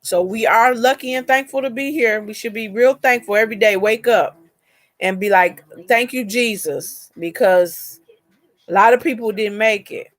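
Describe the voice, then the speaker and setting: A woman's voice: on the high side, normal speed, dry recording. A woman hosting a casual live chat, telling a long personal story in a rambling way and greeting viewers by name.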